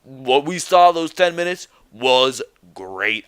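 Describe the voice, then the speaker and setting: Young guy ranting about wrestling, swears a lot, smooth clear voice, dry sound. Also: medium pitch, sing-song, takes it slowly, fairly bright tone, no room sound. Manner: ranting, blunt, swears freely. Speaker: wrestling show reviewer. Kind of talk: opinionated solo review.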